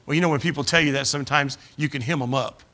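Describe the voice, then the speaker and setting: Older preacher with bright voice. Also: male voice, mid-range voice, fairly even intonation, quick pace. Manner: folksy storytelling, self-mocking. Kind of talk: sermon with humorous personal anecdote.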